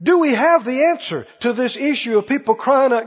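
A man's voice: very high-pitched, expressive, fairly quick, hardly any pauses, breathy edge. A man preaching a sermon with passion, acting out pleading prayers and the lines of scripture. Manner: impassioned, acts out pleading prayers and quotes. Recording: dull sound in a reverberant hall.

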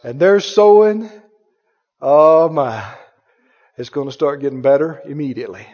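A man's voice: expressive, unhurried, a little mellow, long reverb tail, highs cut off. A man preaching a sermon with an emphatic, repetitive delivery, firing rhetorical questions at his congregation. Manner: mimics others in a higher voice.

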